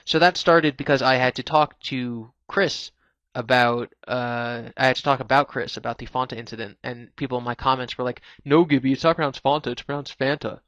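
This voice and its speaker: A man's voice: mid-range voice, fairly quick, a bit bright, no room sound, highs cut off. A man hosting a casual live stream, explaining at length with lots of "like"s and restarts. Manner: chatty, explains at length with many "like"s. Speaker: podcast host.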